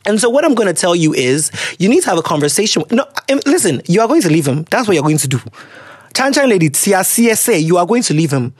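A woman with a Ghanaian accent hosting a casual advice podcast, blunt and sassy, swinging between English and Twi slang with loud exclamations. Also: on the low side, sing-song, breathy edge, no room sound, clean studio sound. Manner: blunt, sassy, rapid code-switching. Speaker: podcast host.

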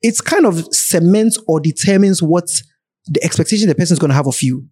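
A man's voice: a little high, expressive, fairly quick, warm tone, breathy edge. A man with a Ghanaian accent hosting a podcast, giving casual, direct relationship advice to his listeners. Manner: chatty, advising, direct with listeners. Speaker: podcast host.

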